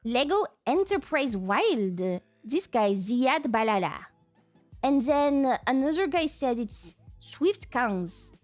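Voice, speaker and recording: Woman streamer, high voice, swooping pitch, excitable casual chat, dry close mic, faint music behind. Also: slow pace, no echo. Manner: excitable, chatty, swears at chat.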